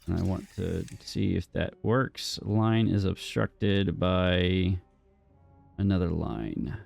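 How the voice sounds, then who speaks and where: A man's voice: sits low, takes it slowly, vocal fry, darkish tone, soft background music. A man casually commentating his own gameplay, thinking aloud and joking with the game as he builds. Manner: thinks aloud, jokey, talks to himself and the game. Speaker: gaming streamer.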